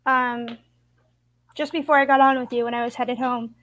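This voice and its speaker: A woman's voice: a little high, level tone, moderate pace, fairly bright tone, no echo, rough recording. A woman from Idaho hosting her own channel, chatting casually and filling her talk with "like". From Idaho, United States. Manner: chatty, lots of "like". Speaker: channel host. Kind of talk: casual interview chat.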